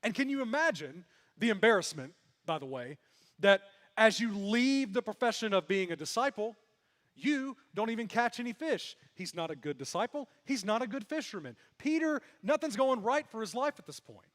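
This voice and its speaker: A man's voice: high voice, very animated, normal speed, fairly bright tone. A man preaching a sermon as pastor, telling the story with animation and acting out what the characters say. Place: church hall. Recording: long reverb of a church hall.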